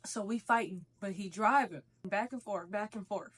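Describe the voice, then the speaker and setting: A woman's voice: medium pitch, normal speed, fairly bright tone, slightly rough. A young woman telling a casual storytime while eating, in a slangy, profane, conversational way. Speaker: vlogger.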